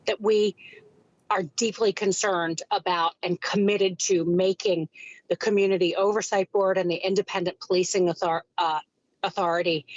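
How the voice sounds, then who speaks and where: A woman's voice: mid-range voice, no echo. Earnest woman on dull, dry audio. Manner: earnest and measured, with some restarts. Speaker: public commenter for a community group. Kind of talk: public comment at a meeting.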